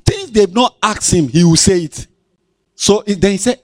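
A man with a Ghanaian accent preaches to children in a high voice that swoops up and down all the time. His delivery is sing-song and playful, teasing the listeners as he goes. The sound is close and dry. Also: expressive, moderate pace, no room sound. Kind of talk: lively Bible lesson for children.

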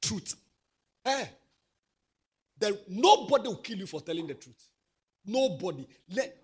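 Man, high husky voice, animated preacher exhorting youth. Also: a little slow, long pauses. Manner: animated, swings from soft asides to loud exhortation. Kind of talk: sermon to young people.

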